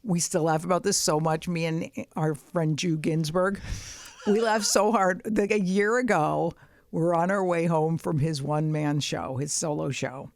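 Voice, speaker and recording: A woman's voice: deep voice, steady tone, a little slow, dry recording. A woman co-hosting a podcast, telling comic stories in a blunt, profane way and acting out both sides of each exchange. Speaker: podcast co-host. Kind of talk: casual comedic storytelling chat.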